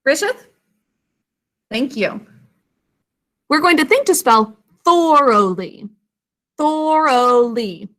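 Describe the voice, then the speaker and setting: Slow careful woman teacher doing an online spelling class, lots of praise, crisp bright voice. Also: sits high, sing-song. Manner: slow, deliberate enunciation with praise. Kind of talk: online spelling lesson for children. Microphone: video call.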